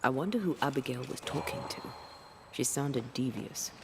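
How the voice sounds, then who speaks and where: A man voicing a game companion, dry and measured. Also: medium pitch, vocal fry, background noise, natural voice. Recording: game audio under loud music.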